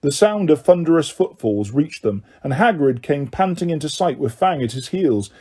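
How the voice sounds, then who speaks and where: Husky guy narrating an audiobook, dark mellow tone, a bit high. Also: moderate pace. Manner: even, steady storytelling. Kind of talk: scripted narration.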